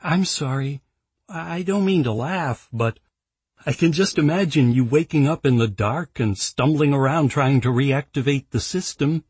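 A man's voice: medium pitch, unhurried, a little mellow, husky, no room sound, voice pushed up. A man voicing a kind, upbeat teenage schoolgirl who speaks in a friendly, teasing way.

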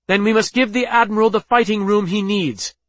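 A man's voice: a little fast, fairly bright tone, dry recording. Raised, strained female starship captain, read by a male narrator in a storybook. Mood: resolute. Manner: raised pitch, tense, voice nearly catching. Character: Nathal, young female starship commander, anxious but steely.

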